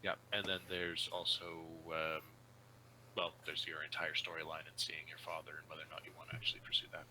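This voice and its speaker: A man taking part in a tabletop role-playing session, speaking haltingly with many fillers and restarts. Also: a bass voice, flat delivery, noisy background. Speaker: player. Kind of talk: tabletop role-play chat.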